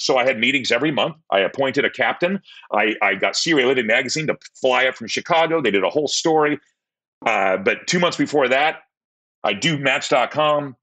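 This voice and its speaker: A man's voice: medium pitch, expressive, a little fast, pushed and bright. A man in his fifties, a podcast guest, telling his life story candidly in a rambling way, repeating words and livening up when he retells conversations.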